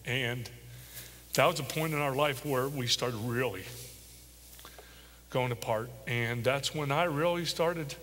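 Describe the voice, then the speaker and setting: A middle-aged father, as an interview guest, tells a personal story in a halting, heartfelt way with many pauses and ums. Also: medium pitch, fairly bright tone. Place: large church hall. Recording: echoey church hall with faint hum.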